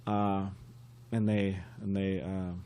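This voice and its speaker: A man giving a scripture class at a temple, telling a story in a halting, conversational way. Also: deep voice, little pitch movement, mellow, clean tone. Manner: halting and conversational, often restarting.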